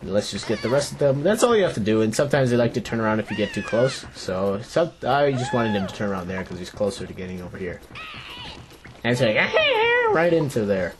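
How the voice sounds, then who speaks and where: Animated, playful young man narrating gameplay. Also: medium pitch, fairly quick, noisy background. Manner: playful and jokey, talks to the game characters; rambling, restarts his sentences. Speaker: let's play host. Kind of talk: gameplay commentary. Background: game music.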